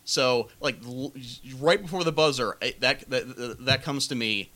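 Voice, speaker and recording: A podcast co-host with a medium-pitched, pushed, bright voice tells rambling stories in casual conversation at an unhurried pace. He stammers and restarts often.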